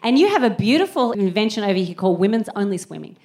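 A woman's voice: mid-range voice, sing-song, quick pace, a little mellow. A woman and podcast host performing live stand-up in a theatre, sardonic and punchy, swearing and chatting with the audience. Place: theatre stage before a laughing audience. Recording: roomy live venue, audience noise.

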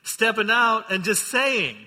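A man's voice: sits high, slow pace, pushed and bright. A man preaching a sermon, reading scripture aloud and then expounding on it, acting out the quotes with growing intensity. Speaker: pastor. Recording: long reverb of a hall.

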